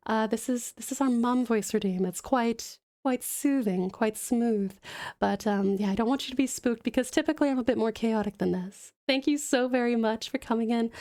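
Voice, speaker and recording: A woman streamer in a soft, soothing, smooth mum voice, doting on viewers as sweetheart and darling. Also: fairly high pitch. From Australia (Tasmania). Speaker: streamer and artist. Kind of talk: live-stream chat, thanking viewers.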